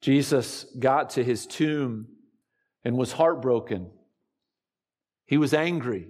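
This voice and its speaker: A man preaching a sermon to his congregation, slow and deliberate, with dramatic pauses. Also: medium pitch, darkish tone, in a large hall. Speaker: pastor.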